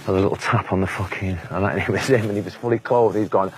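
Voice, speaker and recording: A man's voice: sits low, fairly even intonation, fast, breathy edge. A Mancunian man in his forties, telling blunt, sweary anecdotes in a casual interview and laughing often. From England.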